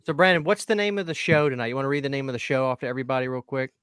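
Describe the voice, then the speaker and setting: A man's voice: mid-range voice, very fast, a bit bright, smooth, dry recording, clean studio sound. A man hosting a casual livestream, upbeat and reading out chat names. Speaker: livestream host.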